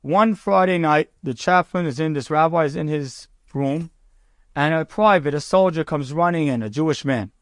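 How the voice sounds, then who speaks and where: A man, a rabbi, telling a story in a sermon with a conversational, animated manner. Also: on the high side, normal speed, no room sound, clean studio sound.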